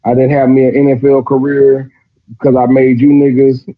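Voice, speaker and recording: A man's voice: medium pitch, completely flat delivery, moderate pace, narrow, tinny audio, voice pushed down, lightly acted. A man voicing God as a crude, regretful deadbeat father, in a mocking, profane drawl.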